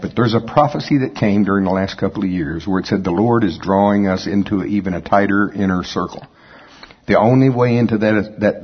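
A man preaching a sermon in a folksy, conversational way, breaking off into quick asides. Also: on the low side, husky, dull audio. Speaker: pastor.

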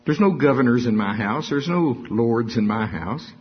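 A man's voice: medium pitch, expressive, moderate pace, husky. A man preaching a sermon, reading scripture dramatically and acting out the quotes, with chuckles between lines. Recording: dull lo-fi recording.

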